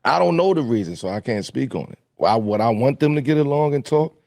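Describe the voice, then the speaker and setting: Mellow, laid-back podcast co-host man. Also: mid-range voice, animated, a little fast, gravelly. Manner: laid-back, rambling, street slang. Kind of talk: casual podcast chat.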